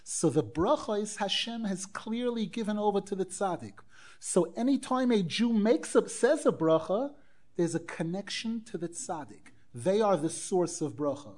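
A man teaching a Torah class as a rabbi, animated, acting out quoted dialogue and weaving in Hebrew phrases. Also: high voice, moderate pace. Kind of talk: Torah lecture.

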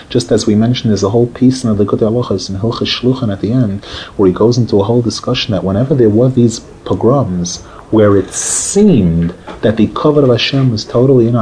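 Male rabbi, mellow tone, lively lecturer who acts out quotes. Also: a little hiss or hum, poor audio. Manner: animated, acts out quotes with rising pitch, drops to a murmur. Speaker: rabbi teaching a Torah class. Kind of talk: Torah lecture.

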